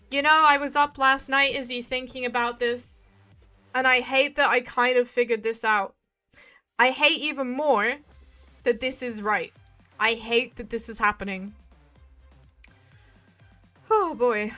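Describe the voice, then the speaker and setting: A woman's voice: a little high, moderate pace, long pauses, bright, forceful tone, faint music behind. A woman doing casual let's-play commentary as a streamer, emphatic and swearing often.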